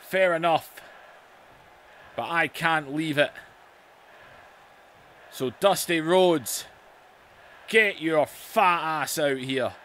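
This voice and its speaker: A man's voice: fairly high pitch, drawn-out words, long pauses, sharp tone, a little hiss or hum, heavily acted. A man voicing a blustering veteran male wrestler cutting a bossy, insulting promo over a video game. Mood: challenging. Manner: bossy, insulting trash talk.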